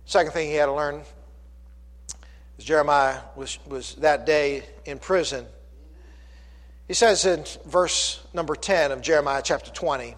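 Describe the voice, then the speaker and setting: A man preaching a sermon as pastor, animated, with sudden loud bursts and repeated words. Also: a little high, a little slow, pauses often. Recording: long hall reverb.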